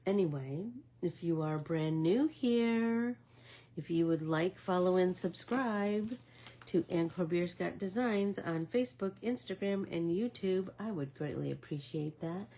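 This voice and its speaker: A middle-aged woman hosts a relaxed stitch-along stream, talking at an unhurried pace as she works. Her voice sits a little low and has a husky edge. She chats casually and drifts into soft asides. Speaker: embroidery stitch-along host. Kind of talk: casual livestream chat while stitching.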